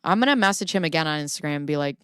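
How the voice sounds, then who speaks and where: A woman's voice: deep voice, lively intonation, rapid-fire, fairly bright tone, clear, resonant tone, no room sound. Woman, middle-aged, livestream host, casual chat, playful, laughs often, reads court papers aloud, dry close sound.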